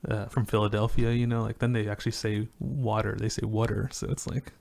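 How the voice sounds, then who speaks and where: A man's voice: fairly low pitch, flat delivery, fast talker, a little mellow. A man co-hosting a music podcast, chatting loosely about songwriting with lots of filler words. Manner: rambling, loose, many fillers. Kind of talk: casual chat.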